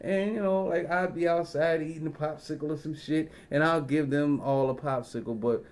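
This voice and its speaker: A man with a somewhat high-pitched voice, talking straight into the camera in a loose, rambling rant. He swears freely and keeps drifting into asides and fillers. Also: steady tone, moderate pace, a little mellow. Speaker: vlogger. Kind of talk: casual storytelling rant.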